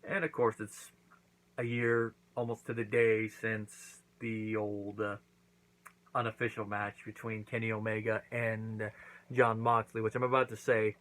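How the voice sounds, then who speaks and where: A man's voice: lowish voice, completely flat delivery, measured pace, fairly bright tone, rough recording. Chatty man recapping a wrestling show. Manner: chatty recap with acted-out quotes. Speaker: wrestling reviewer. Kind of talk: casual review monologue.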